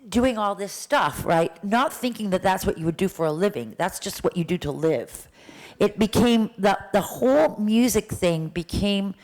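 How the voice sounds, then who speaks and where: A woman's voice: fairly low pitch, poor audio. Chatty woman in her sixties. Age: 60s. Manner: chatty storytelling, many restarts and "like". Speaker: voice teacher giving a talk. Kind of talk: live symposium talk. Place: lecture room with an audience.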